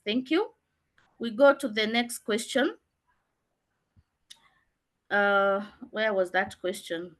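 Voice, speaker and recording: A woman's voice: fairly high pitch, a bit bright. A woman teaching an online revision lesson, patiently repeating key points so students get them.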